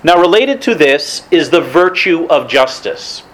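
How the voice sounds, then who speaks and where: A man's voice: on the high side, animated, measured pace, low-quality recording. Man giving a casual religious talk. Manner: casual, with restarts and asides.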